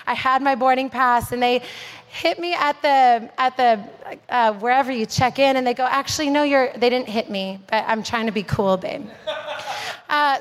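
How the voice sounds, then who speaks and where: A woman from Canada delivers a sermon full of personal storytelling. Her voice sits high, and the sound rings out with long reverb through a large hall. She talks in an animated, self-deprecating way, playing out the dialogue as she goes. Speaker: preacher.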